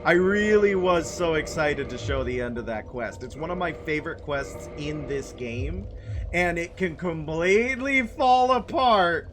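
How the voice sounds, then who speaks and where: A man's voice: on the high side, animated, measured pace, a little hiss or hum. A young man giving let's play commentary, ranting in exasperation and repeating himself. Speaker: video game player.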